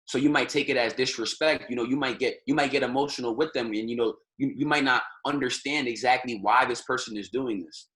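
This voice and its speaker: A man's voice: medium pitch, a little fast, hardly any pauses, a bit bright. Man, informal coach on a group call, repetitive and emphatic, constant "right?" tags. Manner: tags nearly every point with "right?", repeats phrases for emphasis. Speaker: trading community call leader.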